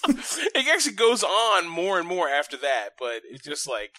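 A man co-hosting a podcast, telling stories in an animated way and laughing often. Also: high-pitched, slow pace, dry recording, poor audio. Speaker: podcast co-host. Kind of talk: casual podcast chat.

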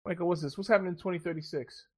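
A man's voice: high-pitched, steady tone, very fast, breathy edge, no echo, clean studio sound. A man co-hosting a casual podcast chat, joking and rambling through a story. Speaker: podcast co-host.

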